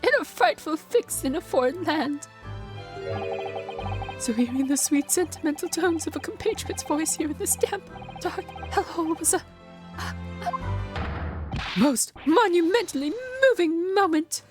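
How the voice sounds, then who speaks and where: A woman voicing a frantic, paranoid young Japanese male prisoner in a game, with shrill, theatrical outbursts. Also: unhurried, long pauses, music in the background. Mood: gushing.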